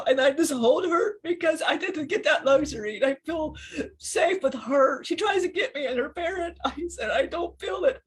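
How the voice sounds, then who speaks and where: A woman channeling a fallen male archangel, speaking tearfully and haltingly through crying in a spiritual session. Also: high-pitched, natural voice. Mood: grieving. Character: grieving fallen male archangel, hurt and furious.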